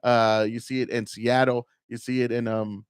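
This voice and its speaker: A man's voice: mid-range voice, level tone, moderate pace, clear, resonant tone, no echo, studio quality. A man hosting a casual political rant, profane and rambling, often mocking the people he talks about. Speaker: political commentary host.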